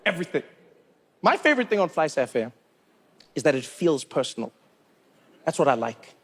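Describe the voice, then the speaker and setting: A man from Africa, telling stand-up stories with animated disbelief. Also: fairly high pitch, moderate pace, slightly rough. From South Africa. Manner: animated, incredulous storytelling. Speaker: stand-up comedian. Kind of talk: stand-up comedy.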